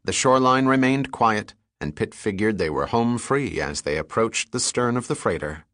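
A man narrates an action thriller in a steady, even storytelling delivery. His voice sits low. The sound is dry and close, with no room echo. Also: normal speed. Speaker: audiobook narrator. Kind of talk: scripted narration.

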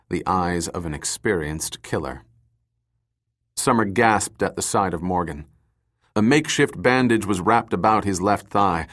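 A man narrating an audiobook thriller in a somewhat low voice. His reading is steady and measured, and he moves through the scenes at an even pace. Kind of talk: scripted narration.

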